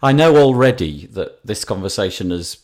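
A male podcast host chats casually with his guest, often stumbling over his words and making fun of himself. His voice is deep and low. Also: big pitch swings, moderate pace, darkish tone. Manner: hesitant, many fillers and restarts, self-deprecating. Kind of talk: casual interview chat.

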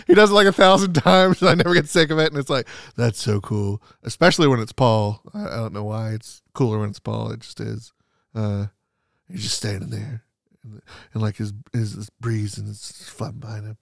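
An excitable man gushing in casual podcast chat, with a rough, gravelly edge to his voice. He keeps saying "like" and acts out the scenes he describes. The sound is dry and close, with no room around it. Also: on the low side, a little fast, no echo. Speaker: podcast co-host.

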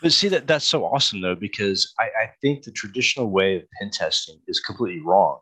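A man hosting an interview who works as a pen tester and talks in a relaxed way, often repeating words while he thinks. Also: fairly low pitch, fairly quick, slightly rough, no echo, low-quality recording. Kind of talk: conversational interview.

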